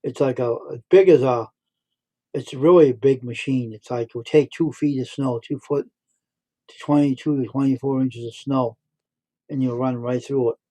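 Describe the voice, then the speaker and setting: A man's voice: medium pitch, steady tone, normal speed, mellow, rough recording. A middle-aged man hosting a livestream, telling rambling stories and repeating himself. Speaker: livestream host. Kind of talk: casual storytelling.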